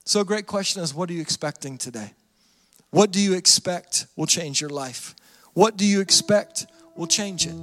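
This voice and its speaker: High-voiced man preaching in a reverberant hall. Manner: earnest, repetitive preaching cadence. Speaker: pastor. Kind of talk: sermon.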